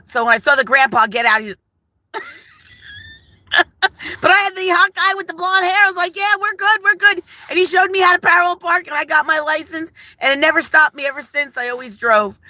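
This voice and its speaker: A woman's voice: high voice, moderate pace, bright, forceful tone, dry recording, low-quality recording. An older woman chatting effusively on a live stream, rambling and greeting viewers as she talks. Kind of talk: casual live-stream chat.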